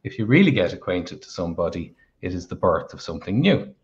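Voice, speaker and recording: Host, male, lowish voice, reads viewer questions steadily; muffled lo-fi call audio. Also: big pitch swings. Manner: reads questions aloud at a measured pace.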